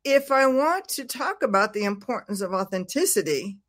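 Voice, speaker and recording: A woman guest author talks over a video call at an ordinary middle pitch. She tells her stories with animation, slipping into little voices of her own self-talk. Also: normal speed. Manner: animated storyteller acting out her own inner voice. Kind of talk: conversational interview.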